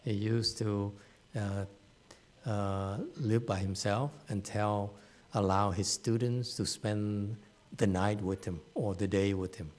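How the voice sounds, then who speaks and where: A man giving a dharma talk to students in a slow, unhurried way. He speaks plainly and bluntly, teasing his listeners. His sentences are full of fillers and restarts. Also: fairly low pitch, fairly even intonation, a little mellow. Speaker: Buddhist teacher. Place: meditation center hall.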